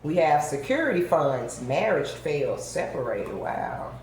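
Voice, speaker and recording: A woman with a lowish voice reads tarot cards for her viewers. She is emphatic and talks straight to her audience. Her voice rings around a very echoey room with a faint hiss underneath. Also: big pitch swings, a little slow, darkish tone. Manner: emphatic, addresses viewers directly. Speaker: tarot reader.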